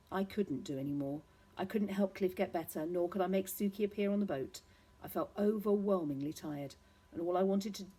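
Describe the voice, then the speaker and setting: A woman reading a children's novel aloud, steady and expressive. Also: medium pitch, husky, rough recording. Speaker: reader.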